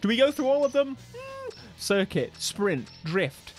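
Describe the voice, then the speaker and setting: A man commentating his own racing game playthrough, excitable and jokey, laughing often. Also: very high-pitched, measured pace, soft background music. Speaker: gaming YouTuber. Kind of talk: let's play commentary.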